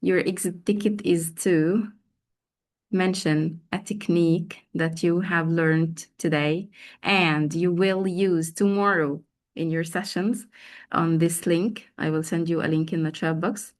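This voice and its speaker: Woman, teacher trainer, slow unhurried delivery, drills words by repeating them, video call. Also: lowish voice, fairly even intonation. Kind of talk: online teacher training session.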